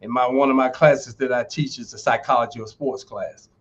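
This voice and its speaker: A man's voice: mid-range voice, steady tone, brisk, a little hiss or hum. Emphatic man in his sixties, dull audio. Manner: emphatic, motivational, folksy. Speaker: guest, retired football player and university lecturer. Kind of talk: podcast interview storytelling.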